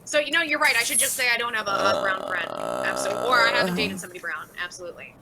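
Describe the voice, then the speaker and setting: A woman's voice: fairly low pitch, wildly swooping pitch, very fast, creaky, a crowd in the background, poor audio. A woman hosting a casual livestream, reading out viewer chats and answering them by name in a sarcastic, laughing way. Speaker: livestream host.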